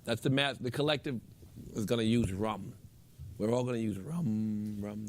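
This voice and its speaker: Man, gravelly, guides a meditation in a gently instructive manner, repeating his phrases. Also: lowish voice, moderate pace, a little hiss or hum. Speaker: meditation teacher and show guest. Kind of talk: casual talk, then guided meditation.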